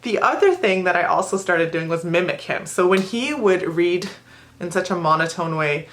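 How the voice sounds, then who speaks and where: A woman ESL teacher sharing tips in a lively storytelling way, acting out her students and herself. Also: fairly low pitch, moderate pace.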